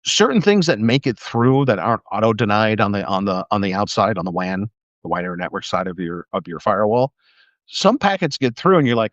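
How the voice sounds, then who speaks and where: A man's voice: lowish voice, very animated, brisk, no echo, lo-fi sound. A man in his fifties, a former police officer, telling rambling stories on a live stream and swearing freely. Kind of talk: casual live-stream monologue.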